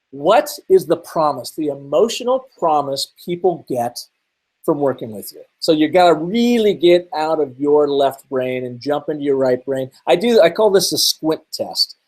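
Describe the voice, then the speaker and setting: A middle-aged man from the Seattle area teaching a webinar, telling stories and asking rhetorical questions with lively energy. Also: on the high side, poor audio. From Seattle, Washington area. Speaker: webinar presenter.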